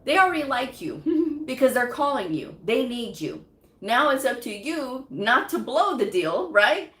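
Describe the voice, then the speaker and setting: A woman's voice: sits high, very animated, unhurried, fairly bright tone. Woman in her 30s chatting about job interviews, laughs a lot, roomy echo. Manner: chatty, laughs often, many fillers and restarts. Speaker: medical coding vlogger giving job advice. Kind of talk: casual advice monologue. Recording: echoey room.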